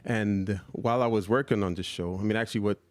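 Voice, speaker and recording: A man hosting a podcast interview in a lowish voice. He feels his way through sentences with pauses and restarts, friendly and unhurried. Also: steady tone. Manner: halting, full of fillers and restarts. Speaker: podcast host. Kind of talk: interview conversation.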